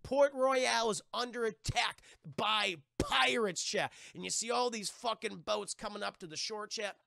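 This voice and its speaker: A young man streamer casually recapping a movie to live chat in a profane, rambling, animated way. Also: high voice, normal speed, vocal fry, no room sound.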